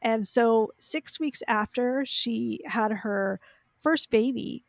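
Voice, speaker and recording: A middle-aged woman guesting on a podcast, her voice pitched a little high with a gravelly fry at the ends of phrases. She explains things in long, friendly run-on sentences. The sound is close and dry, with no room around her. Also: takes it slowly, no echo. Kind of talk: casual interview chat.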